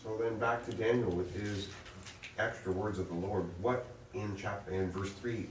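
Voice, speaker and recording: A man's voice: lowish voice, moderate pace. A man in a study group hesitantly asking the leader a question about a word in the text. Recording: distant mic in an echoey room, background noise.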